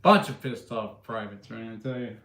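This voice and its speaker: A man's voice: on the low side, normal speed, a bit bright. A man hosting a casual live stream, talking in a rambling way with many fillers and restarts. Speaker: livestream host and drone builder. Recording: roomy echo.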